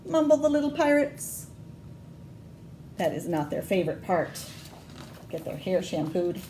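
A woman working as a children's librarian, reading a picture book aloud at storytime in a gentle, expressive, animated way. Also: lowish voice, measured pace, pauses often, roomy sound, a little hiss or hum.

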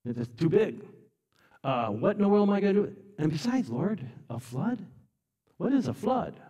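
A preacher acts out Noah as a bewildered, plain-spoken old man, asking simple questions. The voice stays close to the preacher's own, a touch higher and quicker when he gets flustered. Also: very animated, mellow.

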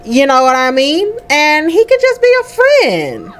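A high, bright-sounding woman hosts a casual game let's play. Her voice swings up and down as she chats and laughs at her characters. There's a faint hiss underneath. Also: unhurried. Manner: chatty and animated, laughing often, talking to the sims. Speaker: gaming host.

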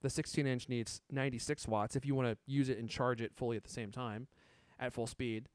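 A man hosting a casual tech podcast, excitedly showing off gadgets and chatting. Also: medium pitch, a little fast, smooth, no room sound, studio quality. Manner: excited, shows gadgets on camera. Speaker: podcast host.

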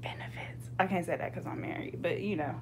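A woman's voice: lowish voice, fast talker, in a whisper. A woman chatting casually with a client while braiding hair, slangy and talkative, reading viewer comments aloud. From Bay Area, California. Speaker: hair braider and channel host.

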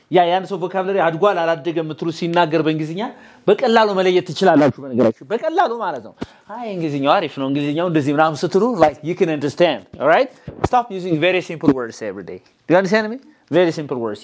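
A man with an Ethiopian accent teaching English vocabulary in a studio, quizzing his student and repeating words. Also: on the high side. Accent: Ethiopian, Amharic-accented English. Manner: quizzing and prompting, repeating words, asking "yes or no?". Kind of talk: bilingual English lesson, drilling vocabulary.

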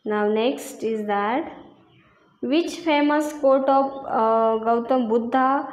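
A woman teacher goes through a lesson's answers, reading each one slowly and then repeating it. Her voice sits fairly high, and the recording has a lot of room echo. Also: fairly even intonation, highs cut off. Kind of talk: slow classroom lesson reading answers aloud. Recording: echoey room.

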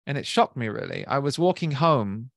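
Gentle, slow-speaking man. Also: medium pitch, animated, creaky, dry recording, clean studio sound. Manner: slow, gentle and searching, with frequent restarts. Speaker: spiritual teacher. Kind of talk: reflective personal talk.

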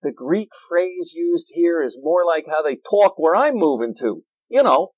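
A man preaching a sermon in a church, animated and playful, with jokes and asides. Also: a little high, a little slow, hardly any pauses, no room sound, poor audio. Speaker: pastor.

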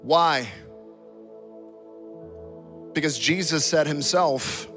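A man's voice: on the high side, moderate pace, a bit bright, faint music behind. A male pastor delivering an impassioned sermon and acting out scripture dialogue. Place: church auditorium.

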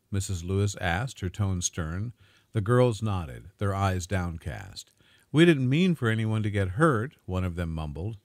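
A man smoothly narrating a dramatic story in a scripted, storytelling manner. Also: on the low side, dry recording, clean studio sound.

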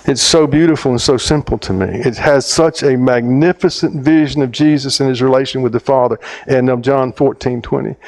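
A man from America preaching as an earnest storyteller, stretching key words and pausing for emphasis. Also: medium pitch, a little mellow, poor audio. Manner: earnest, emphatic storyteller with slowed dramatic pauses. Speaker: speaker at a theology conference. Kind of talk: storytelling sermon.

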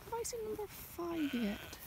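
A young woman doing soft-spoken ASMR outdoors in a sheep field, talking gently and chattily, often in a half-whisper. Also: very high-pitched, big pitch swings, unhurried, background noise. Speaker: ASMR creator and farmer.

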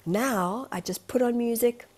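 A woman's voice: fairly high pitch, a little slow, noisy background. A woman in a candid vlog monologue, speaking as a life coach in an earnest, emotional, rambling way.

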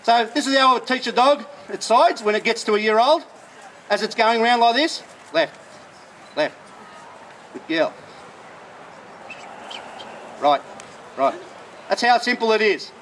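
Man talking outdoors, higher-pitched. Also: fairly quick, fairly bright tone, slight background noise. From Australia. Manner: explains plainly between short commands to dogs. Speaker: working dog trainer. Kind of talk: live outdoor demonstration talk. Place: outdoors at a festival display.

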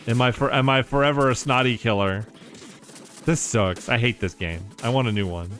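A man giving casual live commentary while streaming a game, excitable and quick to laugh, swearing often and reacting loudly to surprises. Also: mid-range voice, soft background music. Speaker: streamer playing a modded platform game.

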